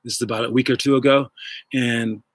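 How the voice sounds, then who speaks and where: A man's voice: mid-range voice, steady tone, fairly quick, no echo. A man hosting a casual livestream about basketball, coaching and talking in a rambling way with many fillers, speaking into wireless earbuds. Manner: rambling, filler-heavy, addresses viewers directly. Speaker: basketball coach and show host.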